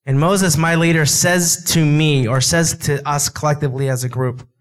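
A man's voice: fairly high pitch, normal speed. A man preaching a sermon, speaking conversationally and acting out dialogue from the scripture he reads. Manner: animated, acts out dialogue with God and Moses; conversational, with asides and laughs.

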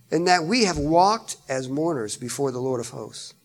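A man's voice: medium pitch, lively intonation, normal speed, hardly any pauses. A man preaching a sermon, reading scripture and explaining it with repetition and rising emphasis. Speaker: pastor.

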